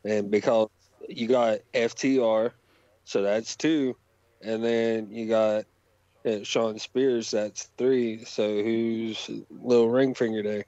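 Male panelist, unhurried and hesitant, dull dry recording. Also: on the low side, fairly even intonation, mellow, no echo. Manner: hesitant, torn, many fillers. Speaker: podcast panelist. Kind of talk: casual wrestling podcast chat.

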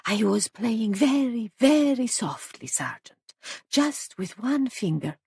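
A woman voicing a sly male guest in an audiobook, speaking slowly in a hushed, half-whispered way. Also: on the high side, very animated, creaky, breathy edge, dry recording, pitched above the performer's own voice, full character voice.

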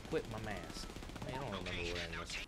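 A man hosting a gaming session, swearing and complaining loudly in casual chat with friends. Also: low voice, expressive, fast talker, heavy background noise. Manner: swearing, exasperated, loud. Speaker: gamer, channel host.

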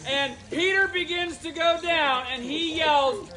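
Guy with a really high voice telling a bible story slow, getting the kids to act it out, noisy crowd all around. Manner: directs listeners to repeat and act out lines. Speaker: youth club speaker. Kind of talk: animated Bible storytelling with audience acting parts. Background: crowd of teenagers echoing and laughing.

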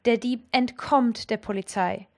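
A woman teaches a language lesson, explaining each point clearly and with lively energy. Her voice sits a little higher than most. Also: unhurried.

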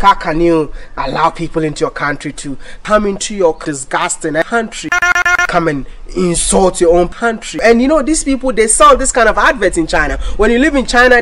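High-voiced man ranting indignantly. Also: fairly bright tone. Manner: indignant, repetitive ranting with restarts. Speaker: vlogger. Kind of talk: ranting vlog to camera.

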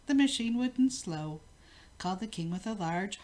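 An older woman, a grandmother, reading a rhyming picture book aloud in a rhythmic, expressive way. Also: mid-range voice, a little slow. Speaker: storybook reader.

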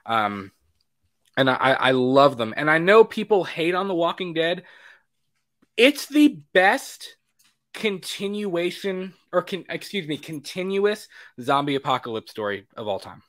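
Young man, animated, swears, acts out reactions, slightly high voice, casual chat. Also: unhurried. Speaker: podcast co-host.

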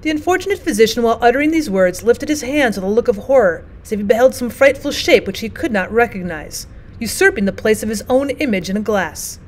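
A woman teacher narrating a classic novel aloud for students at a steady, clear pace. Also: a little high, fast talker.

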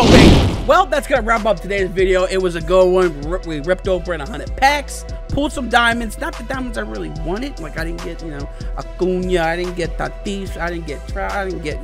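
A man giving excited gameplay commentary as a gaming video host, hyped, cheering and often yelling. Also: high voice, fairly quick, vocal fry, hardly any pauses, music in the background. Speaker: gaming YouTuber.

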